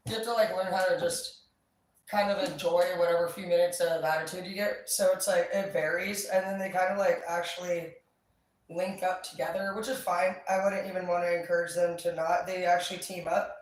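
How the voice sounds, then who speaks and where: A woman's voice: on the low side, steady tone, a little fast. A woman vlogger talking casually and upbeat, swearing freely as she chats. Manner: chatty, profane, upbeat. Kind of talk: casual chat. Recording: echoey, distant mic, faint ambient noise.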